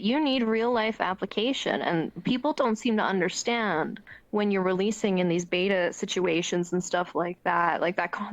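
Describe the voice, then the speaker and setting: A woman's voice: medium pitch, no room sound. A woman, a voice actress guest on a casual interview show, chatty and playfully joking.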